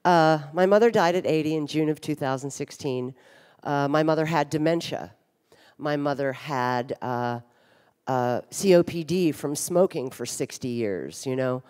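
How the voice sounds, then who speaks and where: A woman's voice: deep voice, unhurried, a little mellow. A woman in her fifties giving a frank, wry and humorous talk about her own life from a conference stage, swearing bluntly now and then. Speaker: speaker at a recovery conference. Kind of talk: candid personal talk on stage. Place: large hotel ballroom stage. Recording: reverberant hotel ballroom.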